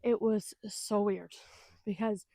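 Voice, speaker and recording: A woman's voice: medium pitch, steady tone, slow pace, warm tone, dry recording. A woman in her thirties with an Irish accent, a guest animatedly telling a personal story in a casual, colloquial way.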